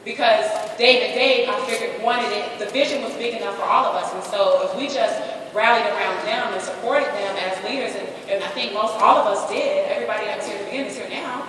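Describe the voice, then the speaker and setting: A woman's voice: fairly high pitch, fast talker. A woman giving a candid, joking motivational talk to a live audience at a business event. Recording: echoey hall, distant mic, background noise.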